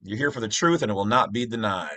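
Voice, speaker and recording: A man's voice: on the low side, expressive, fast, pushed and bright, no echo. A middle-aged man hosting his own channel, explaining casually with rambling, jokey asides and frequent self-interruptions. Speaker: channel host. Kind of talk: casual explainer talk over a screen.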